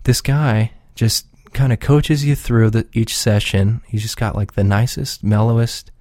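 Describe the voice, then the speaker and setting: A man's voice: fairly low pitch, fairly even intonation, a little slow, a little mellow, dry recording, clean studio sound. A man chatting casually on a podcast he is a regular of, rambling and swearing freely in a laid-back way.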